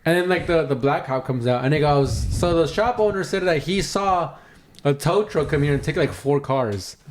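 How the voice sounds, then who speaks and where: A young man with a fairly high voice tells a rambling story on a podcast. He swears freely and slips into quick impressions of the people he met. The talk is loose and casual. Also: slight background noise. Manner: animated storyteller, swears often, acts out quoted voices. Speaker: podcast co-host.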